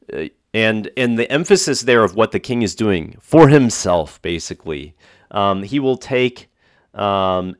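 A man's voice: fairly low pitch, no room sound, studio quality. A man preaching a sermon, reading scripture aloud and stressing points by repeating phrases.

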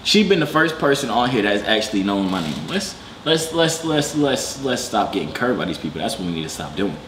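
Teasing man with a lively voice. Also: fairly low pitch, brisk, roomy sound, background noise. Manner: joking, teasing, talks to himself. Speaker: vlogger on a video chat app. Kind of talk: casual video chat commentary.

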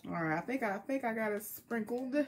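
Woman selling jewelry on a live stream, kinda high voice, chatty and folksy, talking into a tablet. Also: expressive, brisk. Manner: chatty and folksy, greets viewers by name. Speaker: jewelry seller hosting a live sale. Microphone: tablet device.

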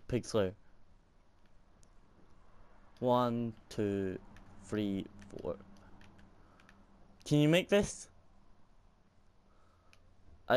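This is let's-play commentary from a young gaming YouTuber in his room at home, the window open and a mic at his computer. His voice is mid-range, darkish and smooth, with no room sound, as he gets frustrated, swears and laughs at himself.

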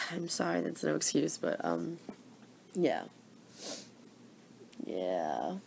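Young woman, casual vlog chatter, gravelly fry in her voice, faint noise behind, tired and apologetic. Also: fairly low pitch, unhurried. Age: young adult. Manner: gushing excitement around animals. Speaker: vlogger.

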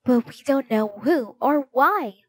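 A woman's voice: sits high, animated, slow pace, no room sound, pitched above the performer's own voice, heavily acted. Ruth Rose, a woman voicing an eager young girl sleuth. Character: quick-witted young girl detective.

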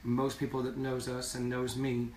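A man's voice: medium pitch, monotone, normal speed, a little mellow, a little hiss or hum. A man singer in a casual live video chat, speaking earnestly and repeating words for emphasis. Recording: roomy sound from far off.

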